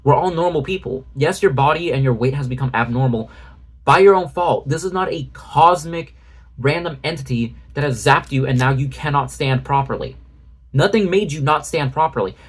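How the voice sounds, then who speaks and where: A man's voice: a little high, normal speed, slightly rough. A man doing a ranting commentary video, sarcastic and exasperated, with frequent swearing. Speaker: commentary YouTuber.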